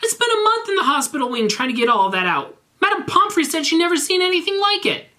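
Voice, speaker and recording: A man voicing a furious young male wizard who yells in shrill, accusing bursts. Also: sing-song, fast, exaggerated voice. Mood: outraged.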